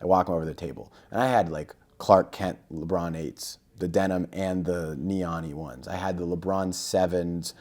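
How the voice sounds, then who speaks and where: Deep-voiced guy on a podcast, spinning a story, doing everybody's lines. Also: moderate pace, few pauses. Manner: lively anecdote-telling, acting out quoted dialogue. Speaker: podcast guest. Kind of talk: casual storytelling.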